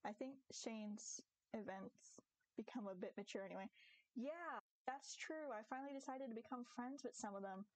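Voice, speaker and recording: A young woman chatting casually on a live game stream, giggly and animated, talking to her viewers and her cat. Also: a little high, normal speed, low-quality recording. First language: English. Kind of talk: casual live-stream chat while gaming.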